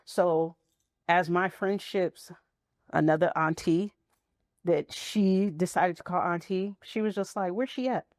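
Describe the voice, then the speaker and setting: Woman guest, candid and reflective, lower pitch with gravelly texture. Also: fairly even intonation, slow pace, no room sound, studio quality. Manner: frank, reflective storytelling. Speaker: interview guest, mother. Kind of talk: candid conversational interview.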